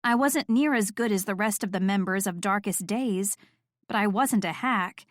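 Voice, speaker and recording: A woman narrates a first-person romance audiobook in an even, wry, reflective voice. Her pitch sits mid-range. The studio recording is close and dry. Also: moderate pace, dry recording.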